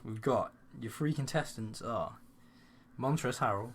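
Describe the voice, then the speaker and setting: A man's voice: medium pitch, a little slow, a little hiss or hum. A young man co-hosting a podcast, chatting casually with playful, sweary banter and frequent laughter. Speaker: podcast co-host. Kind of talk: casual chat.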